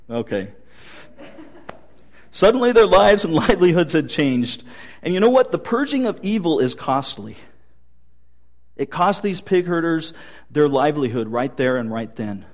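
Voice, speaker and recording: Male pastor, fairly high voice, storytelling sermon with light jokes.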